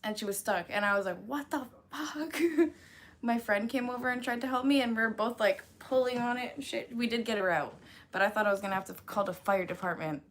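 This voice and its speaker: A woman's voice: mid-range voice, fairly bright tone, a little hiss or hum. Laughing, swearing woman streamer. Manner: rambling and laughing, swears freely, lots of fillers. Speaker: livestream host. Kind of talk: casual chat to a live chat.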